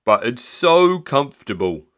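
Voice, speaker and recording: A man reading aloud, voicing an easygoing, stubborn old grandfather who speaks slowly and mildly. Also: mid-range voice, big pitch swings, clean tone, pitched above the performer's own voice. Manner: slow, mild, stubborn.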